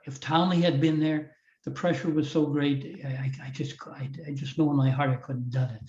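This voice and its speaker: A man's voice: a little high, flat delivery, brisk, a little mellow. An older man from Iowa, a former wrestling champion, telling a heartfelt story in a podcast interview, with frequent restarts. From Iowa, USA. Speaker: guest, former wrestling champion and motivational speaker. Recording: roomy, distant, slightly dull audio.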